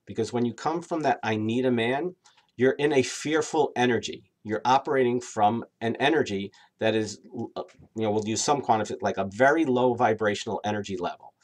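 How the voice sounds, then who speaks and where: Man, dating coach, direct-to-camera advice, animated, mid-pitched voice. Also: a little fast. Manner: animated, acts out quoted inner voices.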